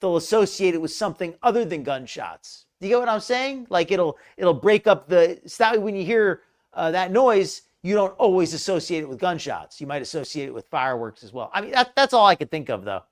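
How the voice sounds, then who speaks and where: A live reaction-show host talks over a clip in a mocking, sarcastic tone. The host rambles through long explanations and takes dry jabs along the way. The voice sits at an everyday middle pitch. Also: sing-song, a little fast.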